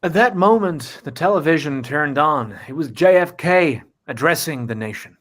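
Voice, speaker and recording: A man narrating an improvised comedy story in a mock-grand, deliberate way. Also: fairly high pitch, animated, fairly bright tone.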